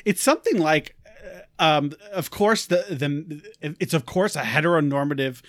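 A man's voice: a little high, moderate pace, no room sound. A man co-hosting a tabletop gaming podcast, bantering playfully and laughing a lot. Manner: playful, laughs often, animated. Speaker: podcast co-host.

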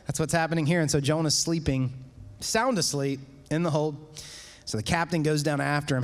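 A man preaching a sermon as pastor, conversational and animated, with casual asides to the congregation. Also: on the high side, moderate pace, big-room sound. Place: church sanctuary.

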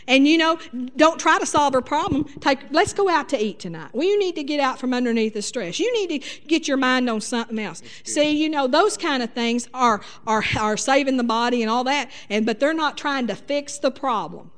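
High-voiced folksy woman preacher. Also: moderate pace. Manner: lively, folksy, punctuated with hallelujahs and laughter. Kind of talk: sermon.

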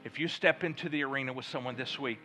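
A man preaching a sermon as pastor, leading his congregation in call-and-response and prayer with emphatic delivery that swells to loud fervor. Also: mid-range voice, fast, faint music behind.

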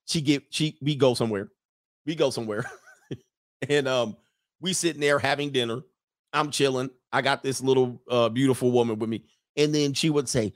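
A man's voice: medium pitch, moderate pace, dry recording, studio quality. A man telling a story from his dating life in a casual, conversational way, often checking in with "right?". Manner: conversational, tags lines with "right?".

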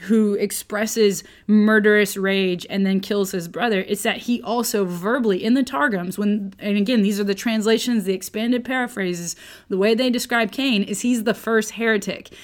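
A woman teaches a Bible lesson in a relaxed, conversational way, full of playful asides. Her voice sits at an ordinary middle pitch, and she keeps checking in with "okay?". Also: moderate pace.

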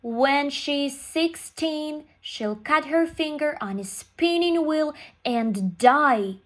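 A woman voicing a spiteful wicked female fairy in a children's storybook reading, with slow, drawn-out menace. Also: high voice, animated, pitched above the performer's own voice. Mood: menacing.

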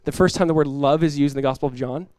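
A male pastor delivers an animated sermon, moving between fast asides and acted-out voices from the story. His voice sits a little high for a man. The sound is dry and close, with little room around it. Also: no room sound. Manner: animated preaching, acts out quoted voices, laughs. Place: church.

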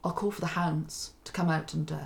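A woman's voice: sits low, fairly even intonation, fairly quick, vocal fry, pitched below the performer's own voice. A woman voicing an old king in a told fairy tale, flustered and breezy.

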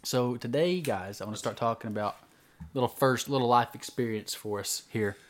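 Young male host, casual friend-chat podcast, rambling delivery, mid pitch. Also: moderate pace. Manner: rambling, restarts and trails off.

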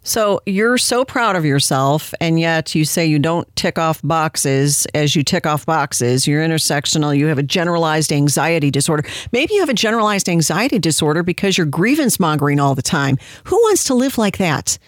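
A woman's voice: deep voice, expressive, normal speed, few pauses, dry recording, clean studio sound. A woman host giving opinion commentary in a sarcastic, incredulous, indignant way.

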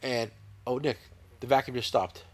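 A man's voice: mid-range voice, fairly even intonation, moderate pace, a loud crowd. A middle-aged man hosting a casual podcast, talking in a rambling, profane way with many repeated words. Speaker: podcast host, tool shop owner. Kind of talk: casual chat.

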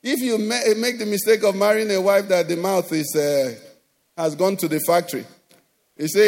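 A man with a Nigerian accent preaching a sermon as pastor, animated, acting out quoted voices and often asking "do you understand?". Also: sits high, normal speed. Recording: long hall reverb.

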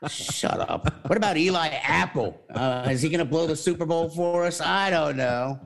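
A man co-hosting a casual sports podcast, excitable and rambling, with many restarts. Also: on the high side, normal speed, creaky.

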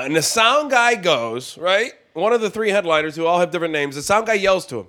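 A man's voice: fairly high pitch, fast, hardly any pauses, bright, forceful tone. A male comedian telling a story on a podcast in a casual way, acting out other people's lines as he goes. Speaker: touring comedian, guest.

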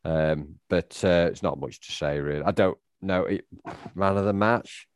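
A man's voice: low-pitched, moderate pace, clear, resonant tone, no room sound, studio quality. A man co-hosting a podcast, wry and joking, often stammering over his words. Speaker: podcast co-host. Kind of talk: casual chat.

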